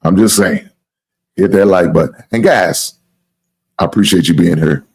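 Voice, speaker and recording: A man hosting a casual live-stream sports talk show, with a deep voice, rambling and repeating himself and swearing now and then. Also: moderate pace, darkish tone. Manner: rambling, repetitive, plugs the channel, swears casually.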